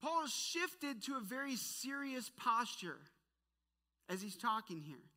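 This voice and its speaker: A woman leading a casual, animated Bible study, talking conversationally with playful asides. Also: on the high side, slow pace. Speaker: Bible teacher. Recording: long hall reverb.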